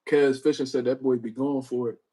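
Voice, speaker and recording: A man hosting a livestream, talking casually with heavy profanity and animated storytelling. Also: medium pitch, brisk, slightly rough. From Puerto Rico. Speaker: livestream host.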